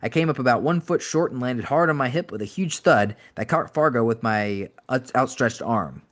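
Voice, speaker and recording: A man narrating an audiobook in a brisk, wry first-person reading. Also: medium pitch, lively intonation, a bit bright. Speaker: podcast host reading an audiobook.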